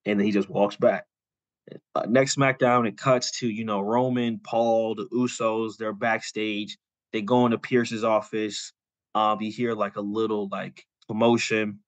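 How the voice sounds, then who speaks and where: A man's voice: on the low side, flat delivery, unhurried, dry recording. A man co-hosting a podcast, telling a long story in a loose, rambling way full of "like" and "you know," and acting out quoted lines as he goes. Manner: acts out quoted lines in passing. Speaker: podcast co-host.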